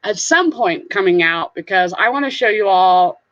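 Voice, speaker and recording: A woman's voice: medium pitch, animated, normal speed, fairly bright tone. A middle-aged woman with a Southern US accent hosting a casual live stream, reading comments in a goofy, giggly, playful way. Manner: goofy, giggly, playful sing-song voices. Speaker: live stream host, reseller. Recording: slightly dull lo-fi stream audio.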